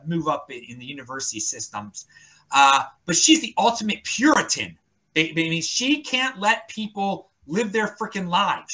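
A man with a Baltimore accent rambles through an opinionated podcast chat, restarting and repeating himself as he goes. His pitch swings widely and his voice has a bright, forceful edge. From Baltimore County, Maryland. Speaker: podcast guest.

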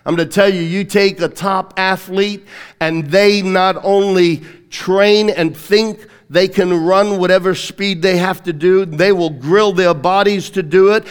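A man's voice: high-pitched, fairly even intonation, a little slow, smooth. A man preaching a sermon with fervent emphasis, leading his congregation in phrases to repeat after him. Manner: fervent, emphatic preaching, swinging between loud declarations and quieter teaching. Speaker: pastor.

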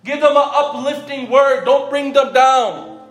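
In an unhurried sermon, a strikingly high-voiced preacher keeps posing rhetorical questions and naming people in his audience. His speech moves between English and another language within single sentences, set against faint guitar in a strongly echoing space.

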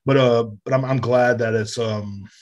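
A man from the United States rants on his own podcast, cursing freely and rambling with many fillers. His medium-pitched, darkish voice holds a steady tone at normal speed, and the desk-mic recording from his home room near a street sounds lo-fi.

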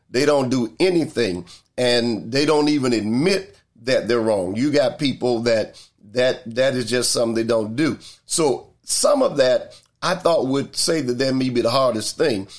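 A man mulling things over out loud in an unhurried, casual monologue. He circles back on his points, trips over repeated words and leans on fillers as he thinks. His voice sits at an ordinary middle pitch. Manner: thoughtful, rambling, many fillers and repeats.

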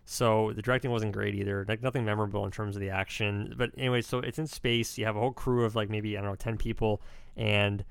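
Young male podcast co-host; quick, rambling, opinionated delivery in a dry, close sound. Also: lowish voice, fairly even intonation, vocal fry, smooth, no echo. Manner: rambling, self-correcting, opinionated. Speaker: podcast co-host reviewing films. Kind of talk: casual chat.

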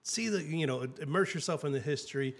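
A man's voice: on the high side, fairly quick, slightly rough. Man, travel show host, casual chat, enthusiastic, many restarts.

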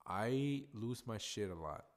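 Blunt, swearing man with a very deep voice. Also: animated, takes it slowly. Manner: blunt, profane and conversational. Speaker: podcast host. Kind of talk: casual solo podcast monologue. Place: workplace in a hotel lobby.

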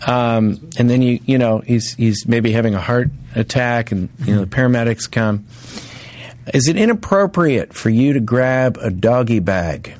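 A young adult man co-hosting a comedy podcast, posing absurd questions with deadpan setups and chuckles. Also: medium pitch, moderate pace, dry recording. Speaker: podcast co-host and stand-up comedian. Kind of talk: casual comedic chat.

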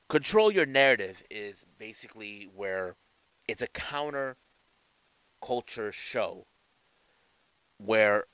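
A man's voice: fairly low pitch, a bit bright, no echo, poor audio. A man giving casual wrestling news commentary in a chatty way, often restarting and adding asides.

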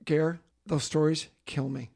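A man's voice: on the high side, steady tone, measured pace, vocal fry, mellow, husky, dry recording, studio quality. A man co-hosting a music podcast, chatting casually, telling stories and laughing often. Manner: laughing, storytelling. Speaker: podcast co-host. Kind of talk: casual chat.

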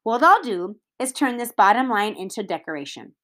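A woman voicing a bossy, proud fourth-grade girl who talks in a shrill, indignant way. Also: sing-song, normal speed, a bit bright.

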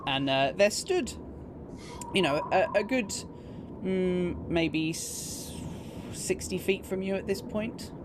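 Slow, unhurried male game master. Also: sits high, background noise. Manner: unhurried, descriptive, casual. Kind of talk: narrating a tabletop game.

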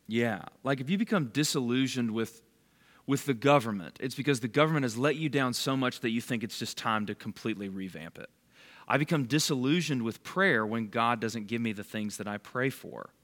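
A man leads a bible study with a casual, conversational sermon to a small group, quizzing his listeners by name. His medium-pitched voice is a bit bright and a little fast.

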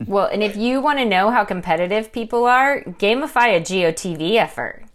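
A woman's voice: medium pitch, lively intonation, brisk. A woman co-hosting, upbeat and chatty in a casual conversation. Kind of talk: casual chat.

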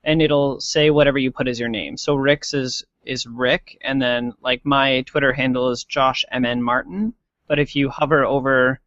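A man appearing as a guest on a casual tech podcast, explaining things calmly. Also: medium pitch, moderate pace, no room sound. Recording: dull lo-fi dry sound.

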